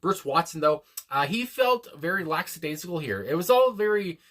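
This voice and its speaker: A man with a bright, forward voice talks through his thoughts in a loose, rambling way. He hesitates often and restarts sentences, leaning on fillers. His tone stays earnest and reflective. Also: fairly high pitch, sing-song, normal speed. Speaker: music reaction host. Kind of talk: casual spoken reaction.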